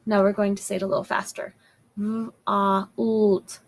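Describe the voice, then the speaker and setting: A woman teaching first graders a phonics lesson, slowly and patiently sounding out each word. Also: medium pitch, monotone, darkish tone, low-quality recording. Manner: sounds out words slowly and clearly. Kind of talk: slow, patient phonics lesson for young children.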